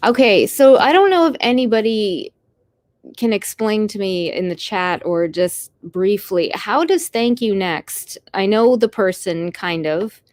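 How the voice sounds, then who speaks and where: A tired Canadian woman with a Canadian accent hosts a casual live stream, rambling and apologizing as she reads her chat. Her voice sits at a middling pitch. The sound is close and dry, with almost no room around it. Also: a little slow, dry recording.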